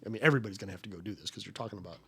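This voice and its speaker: A man's voice: lowish voice, racing, slightly rough. A man in his forties, a former federal agent, telling stories as a podcast guest in a folksy, emphatic way. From United States. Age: 40s. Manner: folksy and emphatic, rising to animated retellings. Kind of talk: conversational interview storytelling.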